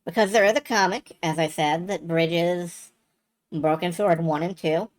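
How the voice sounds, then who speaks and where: Low-voiced woman streamer with chatty, wry commentary for a live stream. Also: measured pace. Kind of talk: casual live-stream chat.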